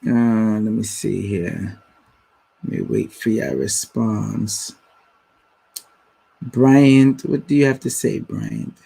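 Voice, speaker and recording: A man's voice: on the low side, steady tone, takes it slowly, vocal fry, pauses often, mellow, slightly rough. A man hosting a live stream, talking bluntly and casually to his viewers in slang. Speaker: livestream host.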